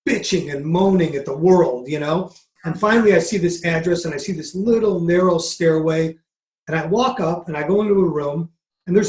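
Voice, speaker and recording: A man, a mindset coach, answering an interview question with a lively story, acting out the dialogue as he goes. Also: a little high, reverberant. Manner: animated, acts out dialogue in anecdotes. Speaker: podcast guest, mindset coach.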